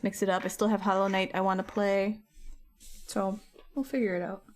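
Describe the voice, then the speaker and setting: A woman's voice: mid-range voice, little pitch movement, normal speed. A young woman chatting casually with her viewers while painting, giggly and talking to them by name. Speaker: streamer.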